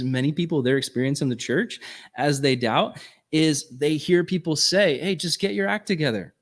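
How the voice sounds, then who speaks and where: A man's voice: mid-range voice, a bit bright. A man teaching at a ministry workshop in an earnest, conversational way, often checking in with "right?". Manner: earnest, casual phrasing with frequent "right?" asides.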